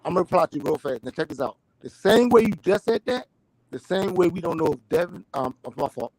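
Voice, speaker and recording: A man's voice: high voice, animated, quick pace, darkish tone, no echo, poor audio. A middle-aged man in a heated boxing debate over a voice call, insistent, repeating his questions and swearing. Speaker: panel debater. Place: online voice call.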